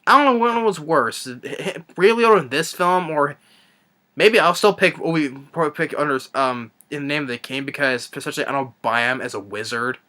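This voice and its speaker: In an unscripted rant about a film, a reviewer sounds openly exasperated and contemptuous, his bright, sharp-edged voice sitting a little high. He rambles haltingly, frequently breaking off and restarting sentences and leaning on fillers such as "you know" and "I mean."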